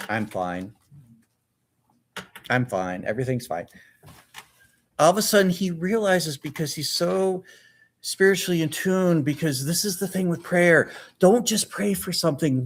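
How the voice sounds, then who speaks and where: A male pastor preaching a sermon in a church, telling the story with animated acted-out dialogue. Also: on the high side.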